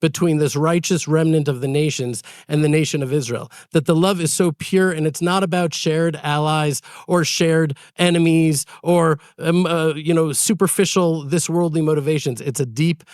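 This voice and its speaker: A man co-hosting a podcast, an earnest and animated storyteller in casual chat. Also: fairly high pitch, normal speed, hardly any pauses, dry recording, clean studio sound. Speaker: podcast co-host.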